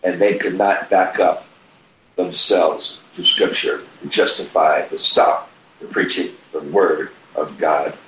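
A man's voice: deep voice, fairly even intonation, slow pace, a bit bright, reverberant, highs cut off, a little hiss or hum. A man calling in as a street preacher, talking insistently and emphatically. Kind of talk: phone-in call.

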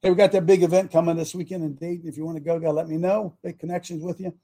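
A man hosting a talk show in a casual, opinionated way, animated, with loud bursts and repeated phrases. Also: on the high side, very fast. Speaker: host.

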